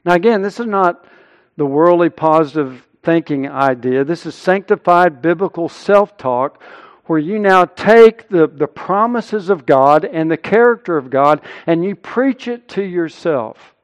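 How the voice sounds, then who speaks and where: A middle-aged male pastor preaching a sermon, earnest, rising loud and high when he quotes scripture. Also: animated, unhurried.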